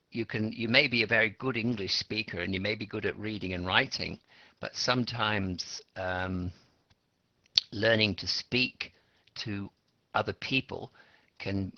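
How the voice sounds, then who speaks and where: A man's voice: on the low side, fairly even intonation, normal speed, sharp tone, dry recording. A middle-aged Australian man teaching an English class, explaining patiently and asking students questions. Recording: lo-fi classroom recording.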